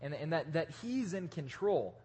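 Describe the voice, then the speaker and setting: A man preaching a casual, joking sermon to a live audience, with lively restarts. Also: on the high side, normal speed, slightly rough. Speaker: pastor. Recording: echoey hall.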